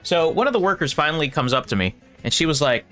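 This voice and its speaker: A man telling a storytime vlog, expressive and animated, swearing and laughing as he goes. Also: fairly high pitch, fast. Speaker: streamer and video creator. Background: faint background music.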